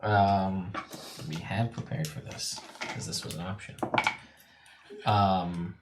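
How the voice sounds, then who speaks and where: A man narrating as game master in a casual, hesitant way, with frequent pauses and fillers. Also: low voice, flat delivery, background noise. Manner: casual, hesitant, lots of ums.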